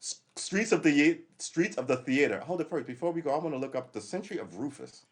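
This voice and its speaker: He's a middle-aged retired police officer on a casual livestream, speaking quickly and animatedly in a fairly high voice. Blunt and profane, he laughs frequently and often begins his thoughts again.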